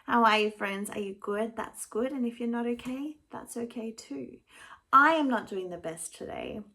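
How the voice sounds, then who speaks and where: A woman's voice: on the high side, moderate pace, pushed and bright. A woman rambling casually to her viewers in a vlog, chatty and self-deprecating, a little nervous. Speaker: vlogger.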